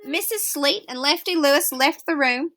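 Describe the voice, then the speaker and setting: A woman's voice: high-pitched, normal speed, background noise. A woman reading a novel aloud, narrating steadily in a child's first-person voice. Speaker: reader.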